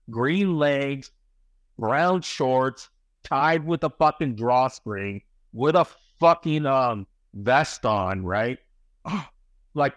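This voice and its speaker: A man's voice: medium pitch, a bit bright, no room sound. A middle-aged man, a podcast guest, telling a long story in casual chat, rambling and swearing, tagging sentences with "right?" and "bro".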